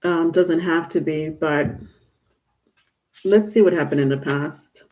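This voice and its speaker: A woman's voice: low-pitched, slow, a little mellow. A woman doing a live-stream tarot reading, chatty and loose, laughing often and trailing off with fillers and restarts. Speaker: tarot reader.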